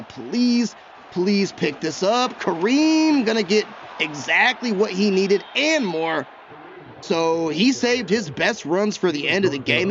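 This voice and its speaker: Excitable male gameplay commentator, high voice, self-talk style; slightly muffled recording with faint background noise. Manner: chatty, excitable, talks to himself while he plays. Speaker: gaming YouTuber.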